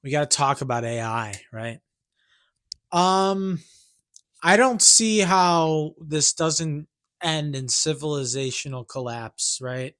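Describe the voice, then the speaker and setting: This man, a YouTuber who also writes songs, has a slightly high, fairly bright voice and talks slowly. Addressing the camera, he rants in a wandering way, interrupting himself, restarting, and asking "right?" again and again.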